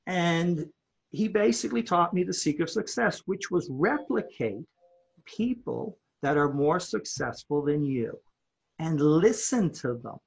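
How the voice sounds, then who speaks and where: A man guest telling a story in conversation, animated, acting out what people said and repeating words when worked up. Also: a little high, measured pace, creaky, breathy edge. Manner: animated, acts out quoted dialogue, repeats words when excited. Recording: dull lo-fi recording.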